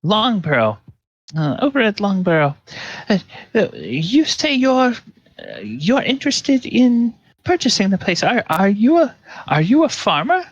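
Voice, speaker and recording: A man voicing a fussy middle-aged farm wife who chatters hesitantly in a very high voice. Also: wildly swooping pitch, unhurried, no echo, highs cut off, exaggerated voice. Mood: chatty.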